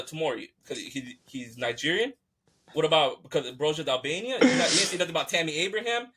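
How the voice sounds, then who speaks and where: A man from the United States hosts a podcast and rants heatedly and casually, fired-up, profane, and repetitive. His voice is a little high with a fairly bright tone and a breathy edge.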